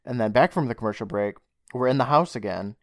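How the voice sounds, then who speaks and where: A man's voice: mid-range voice, fast, no echo, studio quality. A man co-hosting a podcast, casually retelling a show's plot and acting out the characters' lines. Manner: animated retelling, acts out lines. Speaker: podcast co-host. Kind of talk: casual recap chat.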